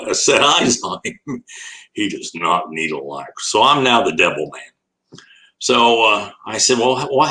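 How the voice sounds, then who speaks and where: A man's voice: on the low side, pushed and bright, low-quality recording. An older man, an animal educator, telling a long anecdote as an interview guest, laughing often and acting out the voices in his story.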